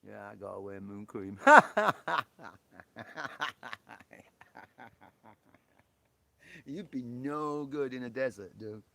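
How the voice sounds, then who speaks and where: Male live stream host, chatty and jokey, laughs a lot, slightly low and rough-edged. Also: moderate pace, hardly any pauses, no echo. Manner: chatty, joking, laughs often. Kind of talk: casual chat with viewers. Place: outdoor porch.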